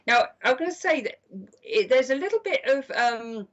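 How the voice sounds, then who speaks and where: An older woman giving chatty, gentle psychic card readings on a live stream. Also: high voice, lively intonation, normal speed. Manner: chatty and gentle, calls people "my lovely". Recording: slightly dull lo-fi stream audio.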